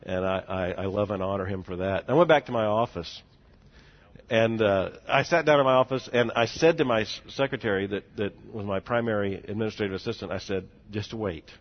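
A man in his forties, a seminary president, telling a story in a speech, swinging between hushed and loud with laughing asides. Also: lowish voice, brisk. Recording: dull lo-fi recording.

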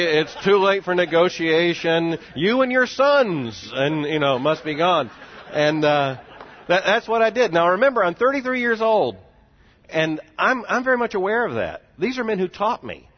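A man in his forties, a seminary president, telling a story in a speech, swinging between hushed and loud with laughing asides. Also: mid-range voice. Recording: dull lo-fi recording.

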